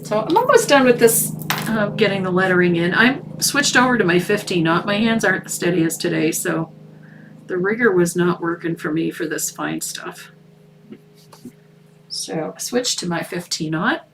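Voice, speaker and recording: A woman's voice: fairly low pitch, moderate pace, vocal fry. A woman leading a live painting lesson who explains her brush strokes step by step and laughs easily. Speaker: painting instructor. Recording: distant mic with faint background noise.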